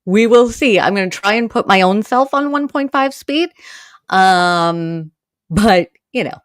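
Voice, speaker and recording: A woman's voice: medium pitch, animated, measured pace, no echo. A woman from Maine hosting a casual solo podcast, chatting and rambling straight to her listeners and getting heated as she rants. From Maine, USA. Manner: gets heated and exasperated when ranting. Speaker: podcast host.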